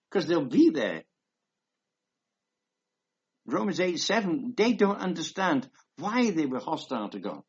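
A man's voice: a little high, a bit bright, breathy edge. A man giving a rambling, emphatic conversational sermon, reading scripture aloud between asides. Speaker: preacher. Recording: dull lo-fi recording.

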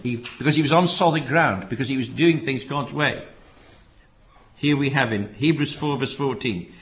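A man preaching a sermon in an earnest way, often repeating words and rising to emphatic calls to hold fast. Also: medium pitch, a bit bright, slight background noise. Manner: earnest, repeats phrases, rises to emphatic exhortation.

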